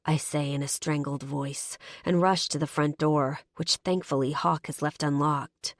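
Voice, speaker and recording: Low gravelly female audiobook narrator. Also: fairly even intonation, measured pace, hardly any pauses, dry recording, studio quality. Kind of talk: first-person audiobook narration.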